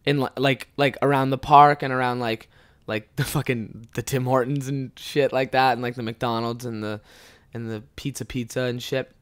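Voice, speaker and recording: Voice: mid-range voice, steady tone, moderate pace, clear, resonant tone. Twenties, podcast host, casual storytelling, heavy swearing, frequent laughter. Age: 20s. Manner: profane, rambling, laughs often.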